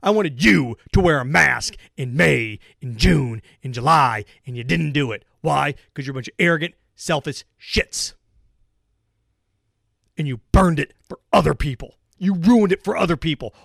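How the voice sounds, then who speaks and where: Male sports radio host, high-pitched and angry, sarcastic heated monologue, dry close mic. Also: lively intonation, normal speed, vocal fry, a bit bright, no echo. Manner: heated, sarcastic, repetitive emphasis.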